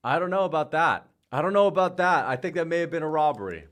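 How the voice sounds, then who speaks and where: A young man streaming live, calling fight picks with hyped, shouting bursts, swearing and playful trash talk. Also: on the high side, expressive, quick pace. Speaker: livestreamer making fight picks. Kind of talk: excited livestream reaction commentary.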